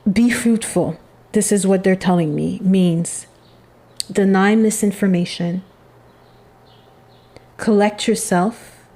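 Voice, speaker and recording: A woman delivers a channeled spiritual reading in a soft, meditative voice. She speaks very slowly and lets each phrase hang before the next one. Her pitch stays in a middle range. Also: fairly even intonation. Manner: slow, soft, meditative, halting.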